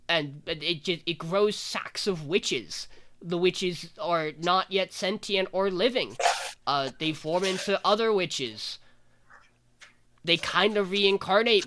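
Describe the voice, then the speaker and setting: A fairly high, bright-toned man talks through an anime episode on a casual podcast. He tells the plot in an animated way and drops in short acted-out quotes between fillers. His voice sounds light and forceful. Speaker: podcast host recapping anime.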